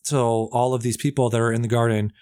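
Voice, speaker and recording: A man's voice: mid-range voice, steady tone, fast, darkish tone, smooth, no room sound, studio quality. A man casually retelling a movie plot on a podcast, rambling with many fillers.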